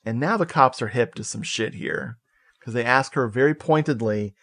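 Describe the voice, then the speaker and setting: A man on a podcast casually recapping a movie plot, animated and joking, with swearing and laughing asides. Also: medium pitch, moderate pace. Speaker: podcast co-host.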